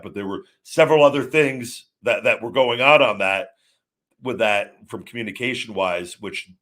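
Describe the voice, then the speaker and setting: Rambling man in his forties, low voice. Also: fairly bright tone. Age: 40s. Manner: rambling, self-correcting storytelling. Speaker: show host. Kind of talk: casual live-stream chat.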